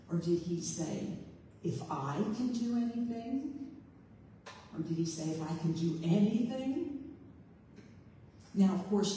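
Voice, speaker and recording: Slow, mellow woman preaching in an echoey hall. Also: fairly low pitch, distant mic, slight background noise. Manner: reflective, questioning, voices the father and Jesus in quotes. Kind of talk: sermon. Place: large echoey room with a congregation.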